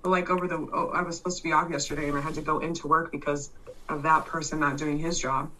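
Loud, blunt, swearing woman, somewhat lower voice. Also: little pitch movement, fast talker, recorded from a distance, a little hiss or hum, rough recording. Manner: loud, blunt, heavy swearing, rambling restarts. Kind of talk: casual chat.

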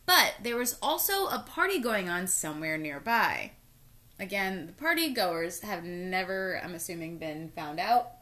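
Over wine, a woman co-hosts a casual true-crime podcast chat, reading out details and tossing in her own jokey, sarcastic asides. Her fairly low voice swings widely in pitch and sounds bright and forceful, with a slightly slow delivery.

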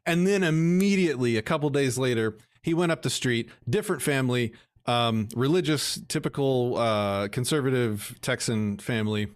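A man's voice: mid-range voice, moderate pace. Regular guy chatting about parenting, earnest and talky. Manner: earnest, explanatory, lively. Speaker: parent guest. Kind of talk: casual conversation.

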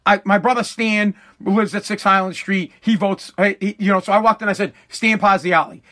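A man in full rant mode, swearing freely and circling back over his points. His voice sits high and sounds bright and edgy, lifting higher whenever he pushes a point. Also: fairly quick. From Massachusetts. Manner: profane, animated, repeats himself. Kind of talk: casual rant monologue.

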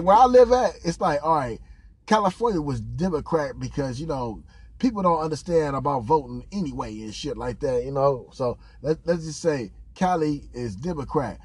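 A man's voice: fairly high pitch, animated, normal speed, a little mellow, husky, no room sound. A man hosting a podcast in casual chat, telling a loose, profane story with a lot of laughter. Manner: acts out other people's words in exaggerated voices. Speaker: podcast host.

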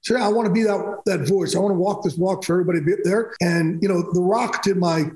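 A man's voice: high voice, fast talker, a little mellow, reverberant, low-quality recording. A man telling personal stories as a podcast guest, emphatic and rambling, restarting sentences often. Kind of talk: candid storytelling in a podcast interview.

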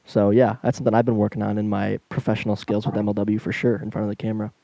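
A young man co-hosts a relaxed podcast, speaking quickly and eagerly, tripping over a word now and then. His voice is warm and mellow, recorded dry and close with no room sound. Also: fairly low pitch, gravelly, no echo. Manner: fast-talking, enthusiastic, stumbles when slowing down. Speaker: podcast co-host. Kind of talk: casual podcast chat.

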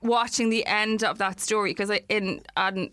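A woman's voice: mid-range voice, fairly even intonation, normal speed, fairly bright tone, no echo, clean studio sound. A woman co-hosting a podcast, chatting casually in a teasing way and laughing often. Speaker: podcast co-host. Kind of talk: casual chat.

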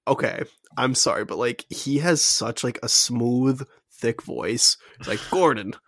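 A podcast co-host chats casually and enthusiastically about a film, rambling with lots of fillers. His medium-pitched voice has a fairly bright tone, and he speaks a little slowly. The recording is dry and studio quality.

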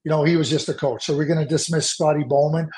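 A man's voice: fairly high pitch, fairly even intonation, quick pace, darkish tone. A middle-aged man, a hockey analyst guest giving emphatic, opinionated sports talk and repeating words when he presses a point. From Canada.

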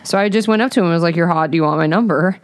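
Female comedian, chatty storyteller, bright quoted voices, dry close sound. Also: fairly low pitch, rapid-fire, dry recording. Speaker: comedian guest. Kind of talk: casual chat, storytelling.

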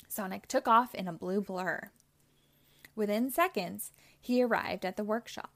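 A woman reads a children's chapter book aloud at an unhurried pace. Her voice sits at a middle pitch, and she speaks each sentence clearly for young listeners. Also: fairly bright tone. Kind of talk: read-aloud storybook narration.

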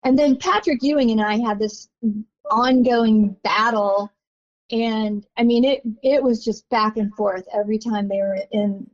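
An older woman who has long held basketball season tickets tells stories in a casual interview, rambling and chatty with plenty of "you know." Her voice is medium-pitched and a little mellow, captured in dull lo-fi audio.

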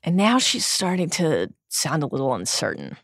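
A woman's voice: deep voice, huge pitch swings, normal speed, no echo, clean studio sound. A woman hosting a book podcast, retelling chapters and reading quotes aloud with wry asides. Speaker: podcast host. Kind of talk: book discussion podcast with read-aloud passages.

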